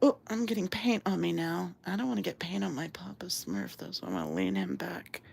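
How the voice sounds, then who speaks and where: A woman's voice: lowish voice, sing-song, brisk, gravelly, a little mellow, slightly rough. A woman hosting a casual live stream while painting, chatty and self-deprecating, reading chat aloud. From outside England. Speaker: livestream host.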